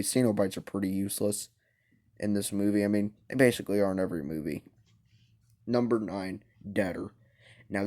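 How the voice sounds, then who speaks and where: A young man ranking horror movies in a hushed, casual voice at home at night, blunt and opinionated, keeping quiet so he won't wake his parents. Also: lowish voice. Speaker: vlogger reviewing movies.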